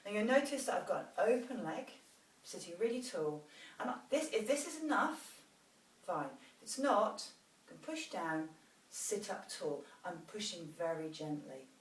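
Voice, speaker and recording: A woman's voice: mid-range voice, big pitch swings, normal speed, recorded from a distance. A woman fitness instructor guiding a post-run stretching routine, demonstrating each stretch as she encourages the viewer. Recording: roomy sound from off-mic with faint noise.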